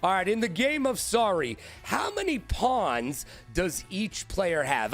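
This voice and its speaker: A man hosting a live-streamed trivia show, hyped and playful, shouting out viewers by name. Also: sits high, very animated, unhurried, few pauses, faint music behind.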